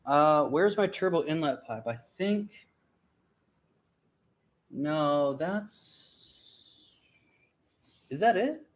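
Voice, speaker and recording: A man's voice: a little high, expressive, very slow, long pauses. Easygoing young man rambling on a livestream. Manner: rambling, easygoing, talks to viewers and pets. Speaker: car vlogger hosting a livestream. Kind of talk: casual livestream chat. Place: home, then his cluttered garage.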